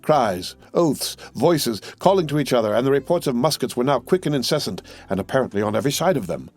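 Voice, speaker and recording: A man reading a classic adventure novel aloud as an audiobook narrator, in a steady, measured way. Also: mid-range voice, soft background music. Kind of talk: scripted narration.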